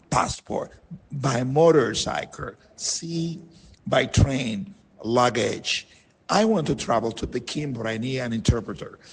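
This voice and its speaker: Slow husky man. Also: mid-range voice. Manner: slow, deliberate, repeats words for practice. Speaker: English teacher. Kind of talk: reading a language drill.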